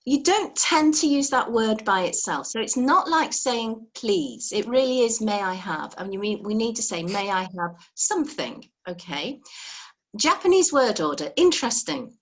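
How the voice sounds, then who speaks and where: A woman's voice: fairly high pitch, very animated, normal speed. A woman teaching a live beginner language lesson over a video call, patient and encouraging, explaining step by step.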